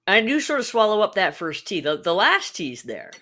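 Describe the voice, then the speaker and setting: A playful woman co-host reads out listener messages in a casual chat. Her tone is bright and edged, and her pitch moves a lot. She laughs easily. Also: big pitch swings, normal speed.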